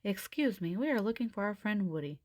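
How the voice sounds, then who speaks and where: A woman's voice: mid-range voice, animated, fairly quick, darkish tone, dry recording, clean studio sound, natural voice. A woman voicing Buzz, an earnest, formal male space ranger toy in a read-aloud storybook. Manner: formal, commanding.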